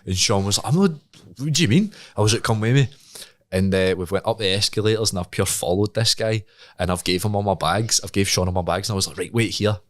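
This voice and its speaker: Scottish lad with a low voice telling a story on a podcast, laughing, acts out the lines. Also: male voice, quick pace, dry recording, studio quality. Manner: laughing, lively storyteller who acts out the dialogue. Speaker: podcast guest. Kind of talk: casual chat, telling a story.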